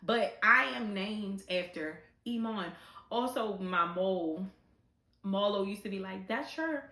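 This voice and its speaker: A woman's voice: medium pitch, fairly even intonation, unhurried, bright, forceful tone, echoey room. A woman in her thirties hosting a podcast, talking candidly and bluntly in a casual monologue with some swearing. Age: 30s. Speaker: podcast host.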